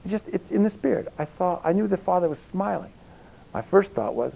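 A man's voice: high-pitched, lively intonation, a little fast, creaky. A man preaching a conversational sermon, folksy and rambling, with many asides. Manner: folksy, rambling asides with frequent "you know". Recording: tinny phone-like sound.

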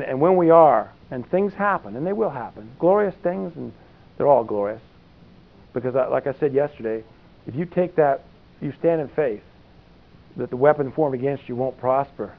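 A man's voice: medium pitch, lively intonation, moderate pace. A man preaching a conversational sermon, folksy and rambling, with many asides. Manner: folksy, rambling asides with frequent "you know". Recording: tinny phone-like sound.

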